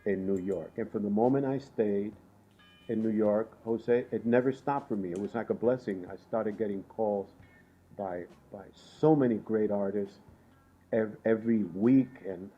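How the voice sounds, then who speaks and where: A man from Puerto Rico, a guest musician, telling animated stories with frequent laughs. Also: on the low side, slightly rough, highs cut off. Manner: lively, laughs often while telling stories. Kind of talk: animated storytelling in conversation.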